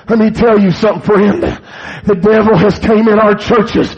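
Gravelly high-voiced preacher, lo-fi. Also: male voice, level tone, normal speed. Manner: preaching in rising bursts, shouting at peaks. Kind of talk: fiery revival sermon. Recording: dull lo-fi church recording.

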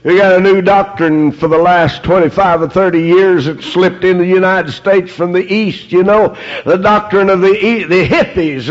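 High voiced preacher guy hollering amens, slow, husky, muffled lo-fi tape. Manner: fervent, punctuated with amens and praise God. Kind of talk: sermon.

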